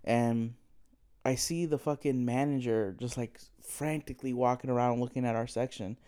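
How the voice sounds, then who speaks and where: A man's voice: medium pitch, steady tone, moderate pace, mellow, smooth. A man retelling a story in casual chat, swearing freely and acting out quoted dialogue.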